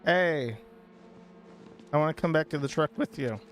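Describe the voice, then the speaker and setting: A man's voice: on the high side, normal speed, a little hiss or hum. A man giving rambling, joking let's-play commentary as he plays a horror game, swearing now and then. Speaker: gaming streamer.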